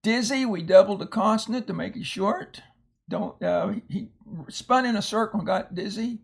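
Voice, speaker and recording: A man's voice: high voice, moderate pace, vocal fry, slightly rough. A man teaching a phonics lesson, reading out a word list and explaining each word in a patient way with homely asides.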